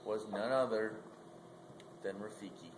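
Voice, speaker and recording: Young guy telling a goofy story to friends, slow, lots of likes and ums, echoey room w faint background hum. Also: fairly low pitch, crowd noise. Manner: rambling, full of "like" and "um". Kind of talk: casual comic storytelling. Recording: roomy echo, faint ambience.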